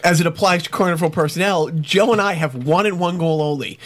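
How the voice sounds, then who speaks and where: High-voiced man telling stories with laughs. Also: a little fast, a bit bright. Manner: chatty, laughing storyteller. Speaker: podcast co-host. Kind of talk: casual chat.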